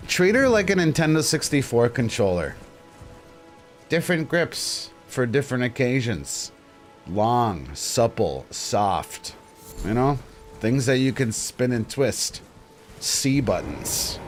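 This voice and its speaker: A man streaming live and chatting casually with his viewers, blunt and crude, joking and ranting. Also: mid-range voice. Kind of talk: casual livestream chat.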